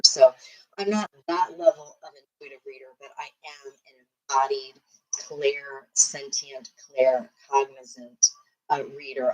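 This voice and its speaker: A woman giving a live-streamed collective card reading, talking softly and meandering with fillers, sometimes chanting a prayer. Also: very deep voice, husky, rough recording. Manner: soft, meandering, with frequent fillers; rhythmic chanting prayer while shuffling cards. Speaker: intuitive tarot reader and healer.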